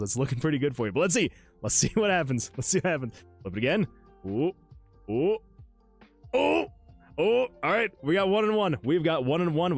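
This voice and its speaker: A man hosting a casual livestream, chatting excitedly with viewers, laughing often and reading chat messages aloud. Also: fairly high pitch. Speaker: livestream host and game developer.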